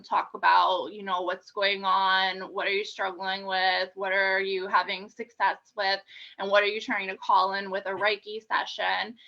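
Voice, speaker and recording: A woman Reiki practitioner being interviewed, explaining her sessions in a calm, steady way. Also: mid-range voice, gravelly, lo-fi sound. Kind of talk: casual interview talk.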